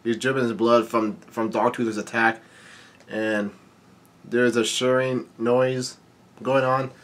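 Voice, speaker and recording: Bright-voiced man narrating haltingly. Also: mid-range voice, little pitch movement. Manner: halting, full of fillers and restarts. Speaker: comic reading vlogger. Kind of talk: casual read-through narration.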